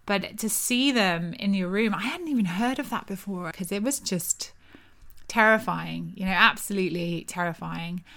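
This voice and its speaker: A woman's voice: mid-range voice, moderate pace, creaky, fairly bright tone. A young woman vividly retelling a personal story to her viewers, with breathless restarts.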